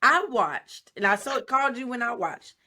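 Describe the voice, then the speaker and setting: A woman co-hosting a podcast, telling a story in casual chat, animated and profane. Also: on the high side, moderate pace. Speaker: podcast co-host.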